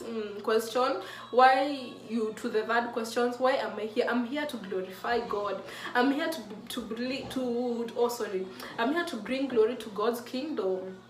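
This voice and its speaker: Talking about her faith in a casual vlog, a woman in her mid-twenties uses a voice on the high side at a normal speed. Her heartfelt delivery to camera is emotional and earnest, with many false starts. The sound is echoey, picked up from a distant mic.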